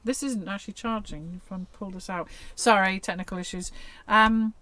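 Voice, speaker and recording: A woman's voice: mid-range voice, steady tone, normal speed, a bit bright. A woman co-hosting a casual livestream on a narrowboat. She talks in a rambling, hesitant way and keeps filling gaps with "sort of". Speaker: co-host.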